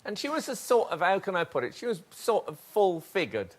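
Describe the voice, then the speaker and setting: A man's voice: high-pitched, sing-song, fairly quick. A man hosting a comic panel show, telling joking anecdotes in casual chat, recorded in a TV studio with audience noise. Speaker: host.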